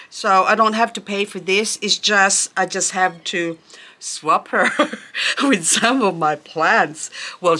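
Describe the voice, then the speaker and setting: A woman hosting a plant unboxing vlog outdoors in the sun, excitable and gushing with frequent exclamations. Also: fairly low pitch. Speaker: plant vlogger. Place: outdoors in sunlight.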